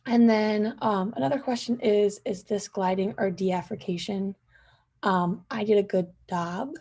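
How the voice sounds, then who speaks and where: A woman's voice: medium pitch, unhurried, dark tone, breathy edge. A young woman giving a class presentation, hesitant, with frequent ums and likes. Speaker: student presenter.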